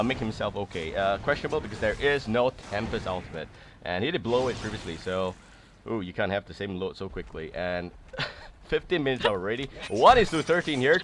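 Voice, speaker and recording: A man casting an esports match with rapid, excitable play-by-play that rises loud on big plays. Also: on the low side, noisy background. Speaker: esports caster.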